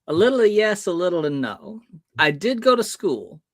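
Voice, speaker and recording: A man telling a story as an interview guest, his pitch rising and falling a lot. He slips into the voices of the people in his story as he goes. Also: normal speed, no room sound, clean studio sound. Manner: lively, acts out the voices in his stories.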